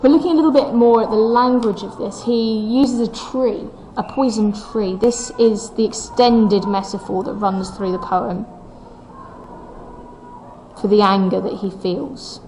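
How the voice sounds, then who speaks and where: A woman's voice: mid-range voice, unhurried, mellow, slight background noise, low-quality recording. A woman teaching a recorded English lesson, explaining a poem step by step and reading its lines aloud with the stresses brought out.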